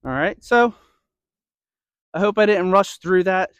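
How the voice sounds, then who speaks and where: A man's voice: high voice, expressive, measured pace, smooth, no room sound. A man coaching baseball throwing drills, checking in often with "okay?" and a little out of breath. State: slightly out of breath. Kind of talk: instructional demo.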